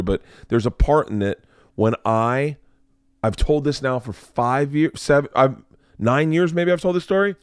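A man's voice: mid-range voice, smooth, dry recording, clean studio sound. Laughing, profane storytelling man. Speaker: podcast host and comedian. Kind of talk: casual storytelling chat.

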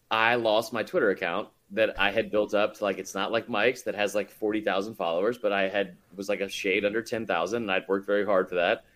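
A man's voice: fairly low pitch, fairly bright tone. A man talking as a podcast guest in casual chat, rambling with lots of fillers and laughing often.

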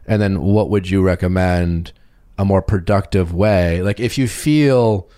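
A male podcast host with a somewhat low voice asks questions and reflects on his own experiences, often restarting his sentences. The sound is close and dry. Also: mellow, smooth, no room sound. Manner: reflective, halting, with fillers. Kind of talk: podcast conversation.

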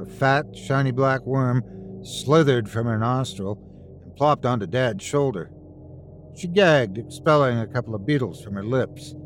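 A man narrating a horror story in a measured, dramatic storytelling manner. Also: medium pitch, slight background noise.

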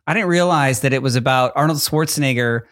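A man's voice: mid-range voice, quick pace, a bit bright. Wry man explaining in casual chat. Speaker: podcast co-host.

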